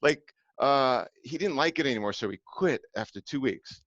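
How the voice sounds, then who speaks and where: A man voicing a cheerful, chatty middle-aged mother in a high, eager voice. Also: expressive, moderate pace, fairly bright tone, no echo. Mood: breezy. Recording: dull, dry sound.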